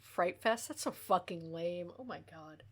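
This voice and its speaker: A woman's voice: lowish voice, measured pace, breathy edge. A woman co-hosting a podcast in casual chat, laughing often, swearing and filling gaps with um and like. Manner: laughing, swearing, lots of fillers. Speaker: podcast co-host. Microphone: podcast mic.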